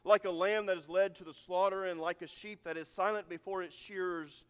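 A man preaching a sermon with dramatic swings from loud, emphatic lines to hushed endings. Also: high-pitched, steady tone, fairly quick, clean tone. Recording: long reverb of a large hall.

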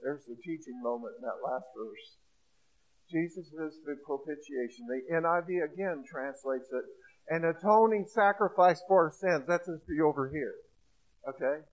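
A man preaching a sermon, swinging between hushed storytelling and loud, emphatic points. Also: on the high side, lively intonation, normal speed, highs cut off.

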